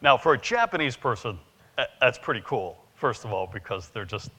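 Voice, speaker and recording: A man speaking as a sales trainer at a conference keynote, animated and joking as he tells stories, in a large hall with long reverb. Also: mid-range voice, moderate pace, husky.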